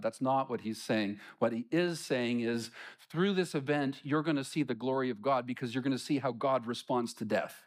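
A man preaching a sermon, reading scripture and explaining it to his congregation in an animated way. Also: mid-range voice, moderate pace. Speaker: pastor.

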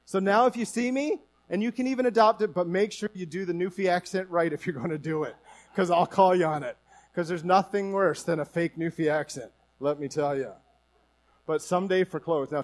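A man from Newfoundland with a Newfoundland accent, preaching a conversational sermon to his congregation and asking them questions. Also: sits high. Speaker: pastor.

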